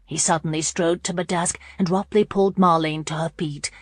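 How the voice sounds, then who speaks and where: Low-voiced woman reading a romance novel. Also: fairly even intonation, a little fast, breathy edge, dry recording, soft background music. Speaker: audiobook narrator. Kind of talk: scripted narration.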